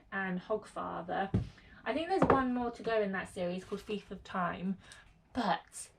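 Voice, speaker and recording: A woman's voice: mid-range voice, slight background noise. A woman vlogging in a casual, rambling way, full of fillers and restarts, part of it from a small lean-to shed. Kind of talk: casual chat to camera.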